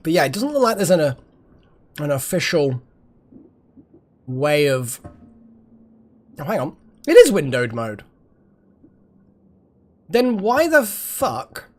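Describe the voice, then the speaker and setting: A man's voice: a little high, very animated, takes it slowly, long pauses. A man chatting casually while streaming a game, rambling with asides and swearing. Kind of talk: casual live-stream chat while gaming.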